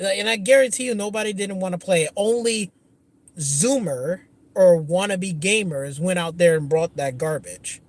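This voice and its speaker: A man hosting a gaming livestream, ranting angrily with lots of swearing and restarts. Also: sits high. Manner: angry, profane, repetitive restarts. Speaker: gaming channel host. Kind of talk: livestream rant.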